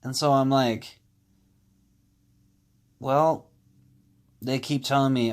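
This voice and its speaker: A man telling a personal story in a candid, rambling way, pausing with "um" and "you know". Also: mid-range voice, steady tone, clean tone. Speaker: vlogger.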